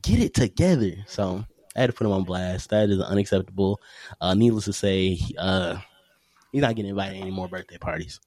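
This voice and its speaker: Podcast co-host, male, thirties, deep-ish, loose slangy storyteller. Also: a little fast, no echo. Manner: animated storyteller, slangy, swears, acts out quotes loudly. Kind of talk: casual podcast chat. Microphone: remote call mic.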